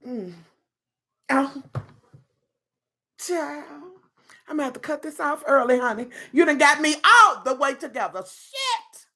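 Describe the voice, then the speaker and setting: A woman's voice: high-pitched, animated, a little slow, long pauses, sharp tone. A woman hosting a casual live stream, chatting in a sassy, bawdy way with laughing asides to her viewers.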